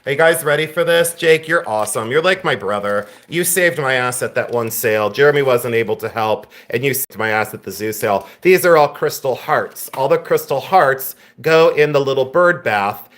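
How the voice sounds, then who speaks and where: A man's voice: mid-range voice, animated, normal speed, few pauses, a bit bright. Chatty man running a live sale. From Ohio. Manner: chatty, teasing banter with viewers. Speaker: live auction seller. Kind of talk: live-stream sales auction.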